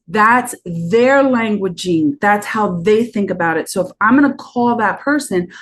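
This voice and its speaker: A woman business coach on a podcast, talking in a lively way and acting out bits of sales talk. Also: mid-range voice, a little slow, hardly any pauses, slight background noise. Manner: animated, acts out sales talk.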